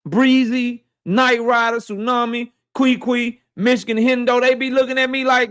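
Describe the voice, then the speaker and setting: High-voiced man in a heated boxing rant. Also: little pitch movement, moderate pace, hardly any pauses, fairly bright tone, clear, resonant tone. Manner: heated, profane, mocking rant to chat. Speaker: boxing talk show host. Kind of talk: live-stream boxing rant.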